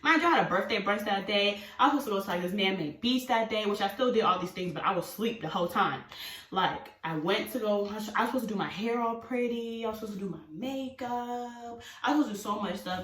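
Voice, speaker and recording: A woman's voice: mid-range voice, quick pace. Roomy, distant woman telling a story. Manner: animated, swears freely, acts out her own panic. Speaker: vlogger. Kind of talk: casual storytime monologue. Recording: roomy sound from away from the mic.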